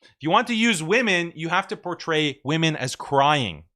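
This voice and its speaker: A man's voice: a little high, animated, normal speed, pushed and bright. A man hosting a commentary show, talking casually in a sarcastic, mocking way and chuckling often. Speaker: host.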